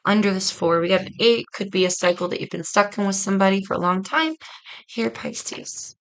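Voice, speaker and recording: A woman's voice: medium pitch, steady tone, fast, a bit bright, poor audio. A woman reading tarot cards for her viewers in a casual, earnest, reflective way, speaking straight to them. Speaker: tarot reader.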